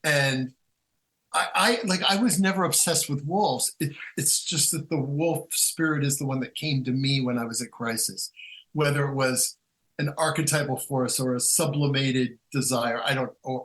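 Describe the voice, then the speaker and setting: On a rough recording, a man with a mid-range voice, a guest author, chats casually. He rambles through his stories, often starting over, and animatedly acts out the quotes.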